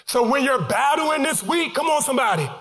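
High-voiced preacher with sung cadences. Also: male voice, lively intonation, fairly quick. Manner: preaching with sung, shouted cadences and call-and-response. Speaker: pastor. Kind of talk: sermon. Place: church sanctuary. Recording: church hall reverb with music behind.

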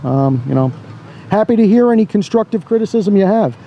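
High-voiced sarcastic man vlogging outdoors. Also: animated, fairly quick, highs cut off. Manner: sarcastic, blunt, swears casually. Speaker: first amendment auditor filming in public. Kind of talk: casual vlog commentary to the camera. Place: outdoors by a parking lot.

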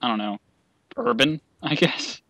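A man's voice: medium pitch, animated, a little slow, bright, forceful tone, no echo. A young American man with a Midwestern accent chatting casually while gaming, easygoing and full of ums. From United States. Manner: easygoing, hesitant with many ums. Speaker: gamer.

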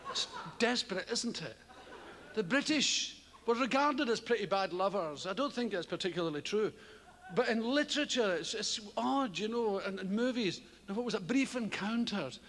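A man's voice: extremely high pitch, normal speed, long reverb tail. A man doing a stand-up comedy routine, swearing freely and acting out the people in his stories. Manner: animated, sweary, acts out voices. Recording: live stage recording with background noise.

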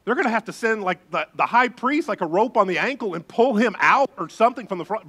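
Animated storytelling pastor, a man. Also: high-pitched, fairly quick, breathy edge. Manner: animated storyteller, acting out voices and gasps. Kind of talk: sermon storytelling.

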